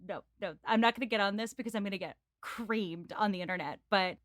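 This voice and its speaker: A woman's voice: medium pitch, fast talker, fairly bright tone, no room sound, clean studio sound. A woman in her twenties hosting a casual chat podcast, giggly and chatty. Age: 20s. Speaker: podcast host.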